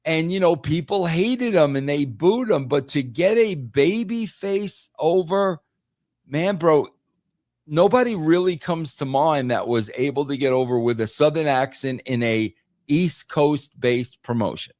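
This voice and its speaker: A man's voice: on the high side, animated, measured pace, darkish tone, no echo, clean studio sound. A man talking in a casual podcast chat, emphatic, repeating words and saying "bro" a lot. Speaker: podcast guest, former wrestling writer.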